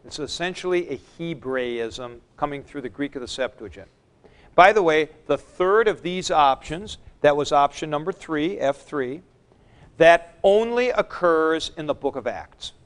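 Male Greek teacher, slow and patient lecture, high clear voice. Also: animated. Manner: explains patiently, repeats points, recites word forms. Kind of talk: classroom lecture.

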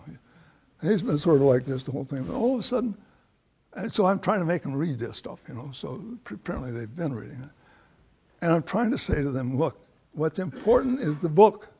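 An older man gives an informal lecture, answering students in a loose, anecdotal ramble. His voice sits a little high, with a gravelly fry and a husky, rough edge. He keeps restarting his sentences as he works toward his point. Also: darkish tone. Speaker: professor speaking to students.

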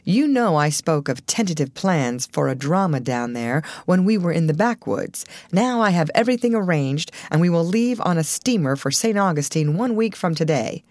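A woman's voice: lowish voice, lively intonation, moderate pace, few pauses, a little mellow, no echo, natural voice. A woman voicing a middle-aged male film company manager who speaks firmly and lays out plans. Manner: firm, organizing, reassuring.

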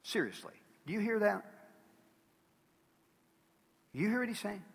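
A man's voice: high-pitched, sing-song, measured pace, creaky, long pauses, breathy edge, big-room sound. A man preaching as a pastor, earnest and emphatic, pleading with his listeners. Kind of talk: sermon.

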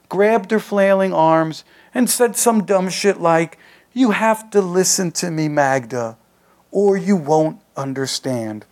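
A man's voice: high-pitched, takes it slowly, darkish tone. Man reading his story, streetwise and casual. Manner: conversational, streetwise first-person delivery. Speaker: author reading his own fiction. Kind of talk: live reading of a short story.

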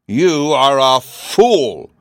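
A man reading an audiobook voices a furious, bellowing male gnome king who shouts his commands. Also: fairly low pitch, expressive, normal speed, dry recording, clean studio sound, lightly acted. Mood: roaring.

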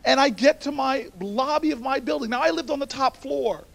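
Animated high-voiced male storyteller. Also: brisk, vocal fry. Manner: animated, building to shouts, then hushed and earnest. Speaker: speaker addressing a university audience. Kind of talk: storytelling speech.

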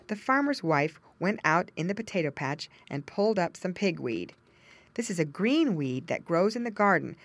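A woman narrating a children's storybook, with gentle asides explaining things to young listeners. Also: low voice, no echo. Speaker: audiobook narrator.

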